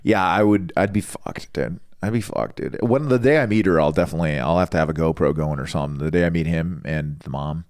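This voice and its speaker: A man's voice: deep voice, fairly quick, hardly any pauses, a little mellow. A man co-hosting a podcast in casual chat, rambling and profane. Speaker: podcast co-host.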